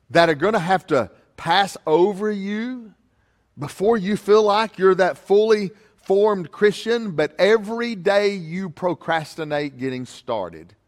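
Pastor guy preaching in church, kinda high voice, tells stories, stumbles and repeats words, slows way down for scripture. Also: in a large hall. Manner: storytelling, repeats words when starting a sentence; slows down and rises when reading scripture. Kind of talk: sermon.

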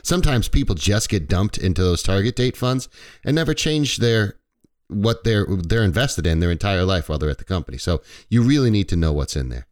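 A man hosting a financial radio show, slightly stuffy, explaining retirement investing in a relaxed way with fillers and small self-corrections. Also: fairly low pitch, fairly quick. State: a little stuffy. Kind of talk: conversational radio talk.

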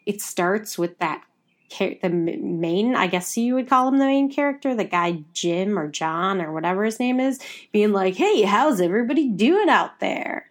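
A woman's voice: medium pitch, expressive, normal speed. Chatty Midwestern woman podcaster. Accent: Midwestern American. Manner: chatty, rambling, says like a lot. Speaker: podcast co-host. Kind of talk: casual chat.

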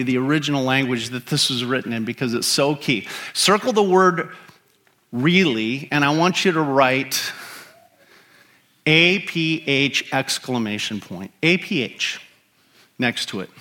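Slow, bright-voiced male preacher. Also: fairly high pitch. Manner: emphatic, rhetorical questions to the congregation. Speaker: pastor. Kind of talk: sermon.

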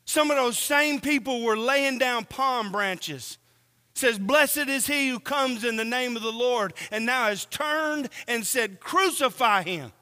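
A man preaching a sermon, slow and earnest, asking the congregation questions as he reads from scripture. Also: very high-pitched, sharp tone, smooth, long reverb tail.

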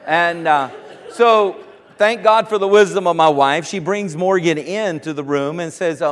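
A man's voice: fairly high pitch, moderate pace, in a large hall. A man preaching a sermon as pastor, telling stories with humor and chuckling often. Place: church sanctuary.

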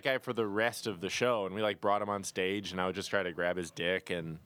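A man's voice: sits low, fairly even intonation, fairly quick, a bit bright, smooth. A man co-hosting a podcast, talking about stand-up in a blunt, crude, offhand way. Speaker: comedian, podcast co-host. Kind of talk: casual chat.

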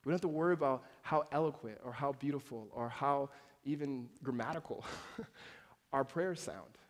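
A man preaching a sermon in a conversational style, moving between loud urgency and soft, intimate moments, and acting out quoted voices. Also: mid-range voice, moderate pace. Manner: acts out quoted voices and jokes with the congregation. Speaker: pastor.

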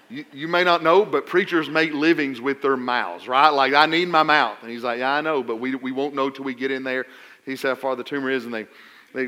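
Bright-voiced man preaching a sermon. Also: medium pitch. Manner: storytelling, stammers on restarts, builds to loud emphatic preaching. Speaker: pastor.

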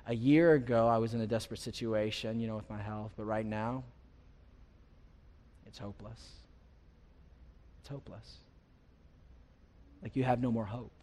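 A man's voice: fairly low pitch, fairly even intonation, fast talker, few pauses, warm tone. A man preaching a sermon from the pulpit in a large church, with impassioned phrases that rise and fall, repeated lines and many restarts. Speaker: pastor. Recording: live hall reverb.

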